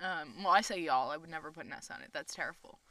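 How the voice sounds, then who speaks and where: A woman's voice: sits low, quick pace, bright, forceful tone, a little hiss or hum, rough recording. A woman co-hosting a casual podcast, giggling often and trading crude, teasing banter. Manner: giggly, laughs through her lines. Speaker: podcast co-host. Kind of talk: casual chat.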